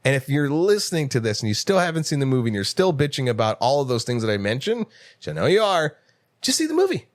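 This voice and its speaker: A man co-hosting a movie podcast, ranting in casual chat with lots of swearing and sudden jumps in pitch. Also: dry recording, clean studio sound. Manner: animated, profane ranting with quick jumps in pitch. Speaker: podcast co-host.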